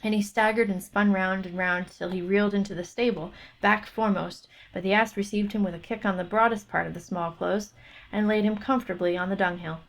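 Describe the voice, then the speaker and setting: A woman narrating a fairy tale aloud on a book club stream in a steady storytelling manner. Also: medium pitch, a little fast.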